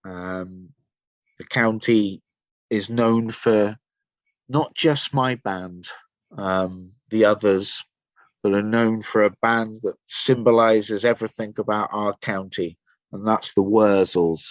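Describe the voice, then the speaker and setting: An English musician from Somerset, appearing as a podcast guest, tells rambling, enthusiastic stories packed with fillers in casual chat. His voice is on the low side, steady in tone and slow, recorded with no echo.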